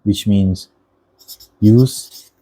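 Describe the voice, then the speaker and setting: Slow, mellow-voiced man teaching Korean. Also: fairly low pitch, poor audio. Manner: patient, deliberate, models Korean words slowly. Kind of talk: slow explanatory language lesson.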